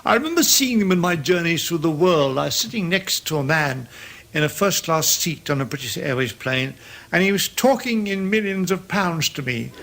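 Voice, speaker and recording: A man's voice: a little high, expressive, moderate pace, a bit bright. An older man reminiscing with wry, dry humour as an interviewee. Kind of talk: reminiscing anecdote.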